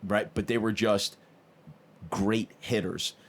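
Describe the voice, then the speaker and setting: A man's voice: lowish voice, steady tone, slow. A middle-aged man hosting a podcast, asking long, chatty questions with enthusiasm. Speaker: podcast host. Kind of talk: casual interview chat.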